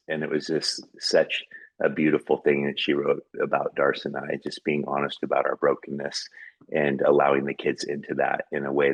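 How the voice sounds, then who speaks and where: An earnest man recounts a family memory as a podcast guest, rambling and full of fillers. His voice sits extremely low and comes out husky and breathy. The recording is dry and close. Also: no echo, low-quality recording. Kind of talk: personal storytelling in conversation.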